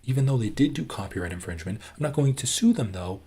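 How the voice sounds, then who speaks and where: A man doing live-stream commentary on clips, ranting with lots of swearing and getting loud and heated. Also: medium pitch, animated, quick pace, slightly rough. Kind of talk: livestream commentary reacting to clips.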